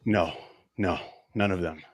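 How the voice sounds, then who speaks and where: A man from Long Island, New York, a business coach speaking as a guest on a talk show, who makes his points in quick lists of short phrases. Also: low voice, steady tone. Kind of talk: casual talk show conversation.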